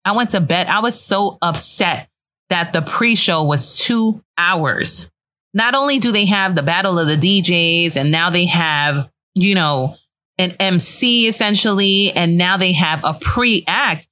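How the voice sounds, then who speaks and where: A young woman from the US East Coast talks straight to her listeners in a loose, rambling podcast monologue. Her voice sits a little low, and she is blunt, opinionated and unbothered about swearing. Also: a little slow, pushed and bright. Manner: chatty, opinionated, frank with profanity. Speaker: podcast host. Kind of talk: casual solo podcast commentary.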